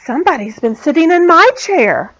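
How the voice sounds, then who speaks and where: A woman doing a steady mama bear. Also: sits high, moderate pace, no echo, pitched above the performer's own voice. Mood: indignant. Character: middle-sized mama bear, plain and steady. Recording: dull lo-fi sound.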